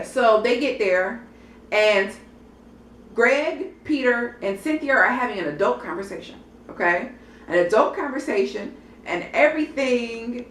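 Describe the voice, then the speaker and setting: A woman's voice: mid-range voice, fairly bright tone, recorded from a distance. A sassy young woman rants through a reality TV review in loose, profane vlog talk and speaks straight to her viewers. She sits a little away from the mic, so her voice bounces around a roomy space. A faint hum of noise runs underneath. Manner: sassy, blunt, profane, chatty, addresses viewers directly. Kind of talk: casual vlog commentary.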